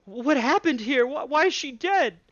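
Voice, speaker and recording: A man's voice: expressive, moderate pace, a bit bright, dry recording, lo-fi sound. Man doing a wailing, grief-struck female giant. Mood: distraught. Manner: high, wailing, shaken voice. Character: distraught female giant, huge and grieving.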